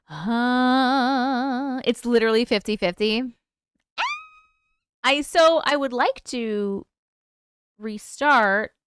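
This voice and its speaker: A woman's voice: fairly high pitch, slow pace, pauses often, a bit bright, clean tone, no echo. A woman hosting a live stream, chatting casually and answering viewer comments aloud. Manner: asks viewers to vote. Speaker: livestream host. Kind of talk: casual livestream chat with viewers.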